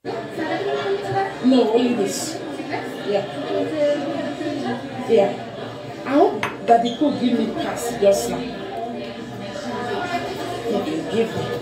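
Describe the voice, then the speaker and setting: A woman's voice: on the high side, lively intonation, drawn-out words, long pauses, a loud crowd. A woman, chatting loosely with exclamations. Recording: far off mic, echoey room with faint noise.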